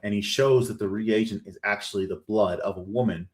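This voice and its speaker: A man with a somewhat low voice hosts a podcast and retells a horror story in casual chat. He keeps the telling lively and slips into quick voiced versions of the characters' lines. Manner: animated storytelling, acts out quoted lines. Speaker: podcast host. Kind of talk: casual plot recap.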